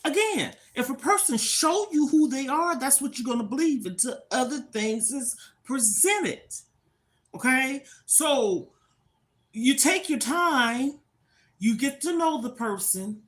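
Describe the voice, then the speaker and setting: A woman's voice: high voice, expressive, slow, a bit bright. Frank older woman talking to viewers. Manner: frank, preachy, repeats "okay?" often. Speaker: livestream host. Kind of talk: casual livestream talk to viewers.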